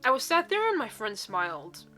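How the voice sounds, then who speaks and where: A woman's voice: fairly high pitch, huge pitch swings, moderate pace, bright, forceful tone, faint music behind. A young woman reading silly fan fiction aloud in a mock-dramatic way, often breaking into giggles.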